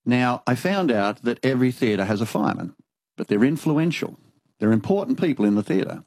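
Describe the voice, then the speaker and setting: An older Australian man, an interviewee, telling lively anecdotes and acting out the dialogue in them. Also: medium pitch, fairly quick, no echo. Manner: animated anecdotal storyteller, acts out dialogue. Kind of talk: storytelling conversation.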